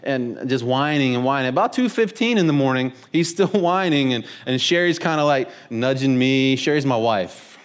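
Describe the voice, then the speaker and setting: A man's voice: medium pitch, animated, moderate pace, smooth. A man preaching a sermon to a church audience, telling a folksy story with jokes and questions to the crowd. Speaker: pastor. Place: church hall with live audience.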